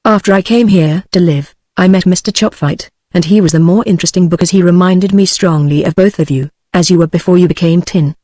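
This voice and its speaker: A text-to-speech woman with a British accent voicing a calm, cool young Munchkin woman in a storybook, in an even synthetic voice. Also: on the low side, a little fast, few pauses, no echo, clean studio sound, lightly acted. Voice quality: smooth synthetic reading voice.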